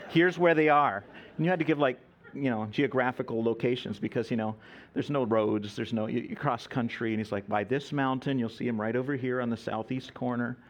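Speaking briskly in a mid-range voice, this preacher relates a mission story as sermon storytelling. He brings it to life with animation, performing the quoted voices of the people involved.

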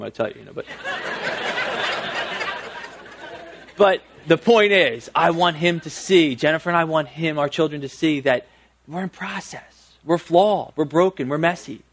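A man's voice: fairly high pitch, normal speed, a bit bright, slight background noise. A man in his thirties preaching a conversational sermon on parenting, self-deprecating, with frequent restarts and friendly asides. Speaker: pastor.

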